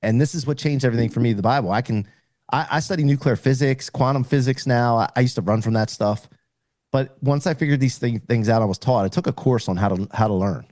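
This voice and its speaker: Earnest man with a dark, dry voice. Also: mid-range voice, fast, no echo. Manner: earnest, explanatory, with frequent restarts. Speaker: podcast guest. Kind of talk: casual conversation.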